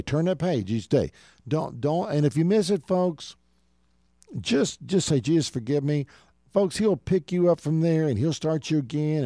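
A man's voice: fairly low pitch, warm tone, dry recording, clean studio sound. A man preaching a radio sermon, earnest, with rising emphasis and asides to his listeners. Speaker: pastor.

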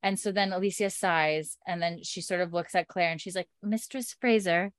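A low-pitched woman retells an episode in easy, chatty podcast talk. She giggles often and slips into the characters' lines as she goes. The sound is dry and close. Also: fairly even intonation, fairly quick, no room sound. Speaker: podcast co-host recapping a TV episode. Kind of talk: casual chat.

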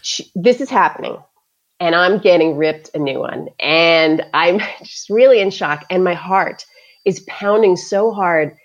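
A middle-aged woman with a notably low voice talks through a personal story in casual podcast chat. She is animated and laughs often, mixing self-deprecating asides into her account of work. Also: a little slow. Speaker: school librarian and mindfulness teacher.

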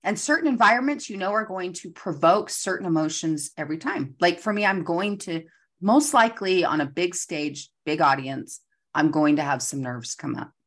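A woman's voice: fairly low pitch, lively intonation, normal speed, a bit bright. A woman in her forties hosting a motivational talk, acting out her own inner voices. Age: 40s. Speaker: host.

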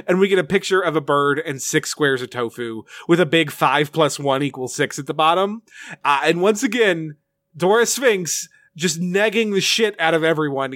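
Male podcast host, fairly high voice, dry close sound, animated, sarcastic recap. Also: normal speed, no room sound. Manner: animated, sarcastic, swears freely. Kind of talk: casual episode recap.

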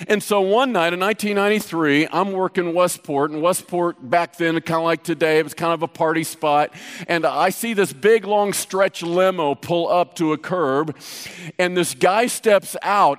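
Middle-aged male pastor, high voice, chatty storytelling sermon, long hall reverb. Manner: storytelling, conversational, teasing the audience.

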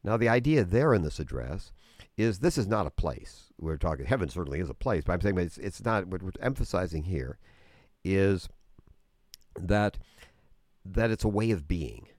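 Very deep-voiced man explaining earnestly. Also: big pitch swings, moderate pace, darkish tone, no echo, studio quality. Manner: earnest, explanatory, many restarts. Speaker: guest teacher on prayer. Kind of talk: conversational religious teaching.

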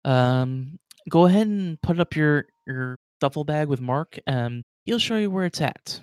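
A calm female android crew member, voiced by a man for a tabletop game, polite and measured. The voice is pitched well above his usual, smooth and dry. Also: no room sound. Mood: welcoming.

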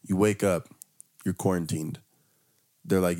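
A man's voice: lowish voice, expressive, moderate pace. A man co-hosting a casual podcast chat, laid-back and laughing often, with plenty of swearing. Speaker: podcast co-host.

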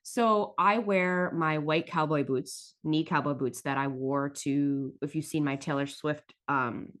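A woman's voice: deep voice, steady tone, unhurried, a bit bright. A young woman hosting a podcast, telling a personal story in a casual, emotional way, with frequent swearing and filler words. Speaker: podcast host.

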